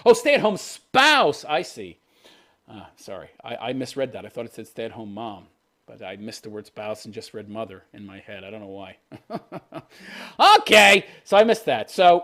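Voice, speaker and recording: A man's voice: mid-range voice, sing-song, normal speed, a bit bright. A man hosting his channel, ranting in profane, scornful commentary. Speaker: channel host.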